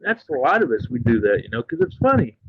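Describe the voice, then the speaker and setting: A man's voice: mid-range voice, big pitch swings, fast, slight background noise. Guy rambling earnestly on a live stream, kinda dull lo-fi sound. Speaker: livestream host. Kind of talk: casual livestream chat.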